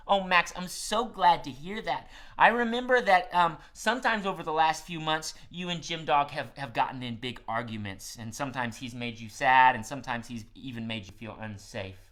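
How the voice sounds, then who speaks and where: A man hosting a live-streamed children's show, talking gently to kids with many "um"s and "okay?"s. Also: a little high, animated, normal speed, hardly any pauses. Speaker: children's entertainer host.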